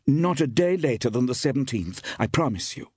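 A man voicing a glamorous, effusive young actress in a story reading, his voice lifted higher. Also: lively intonation, moderate pace, a little mellow, breathy edge, dry recording.

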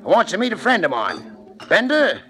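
An actor playing Grigsby, a boastful, scheming master thief, hearty and swaggering in an old-time radio drama. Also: male voice, high-pitched, wildly swooping pitch, brisk, sharp tone, exaggerated voice. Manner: hearty, swaggering, laughs often.

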